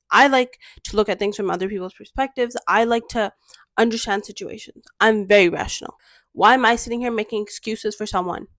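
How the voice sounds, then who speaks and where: A woman speaking in an even, mid-pitched voice, recorded dry and close. She talks to camera in a personal vlog monologue, pressing her points with emphatic rhetorical questions. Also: no room sound. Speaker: vlogger.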